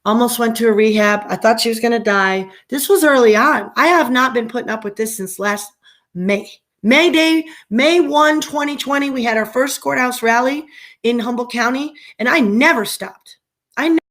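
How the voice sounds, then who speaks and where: A woman's voice: fairly high pitch, normal speed, fairly bright tone. Impassioned middle-aged woman streaming live. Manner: impassioned, repeats herself. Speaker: livestream host. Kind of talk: casual livestream talk. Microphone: internet stream with choppy audio.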